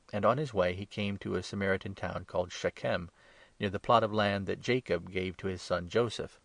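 Man reading scripture in a low, gravelly voice. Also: no echo. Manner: measured, steady and solemn. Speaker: scripture reader.

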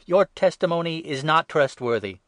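A man reading the lines of scornful male religious leaders with sharp questioning in a scripture reading. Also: a little high, expressive, normal speed, no echo, clean studio sound, voice pushed up.

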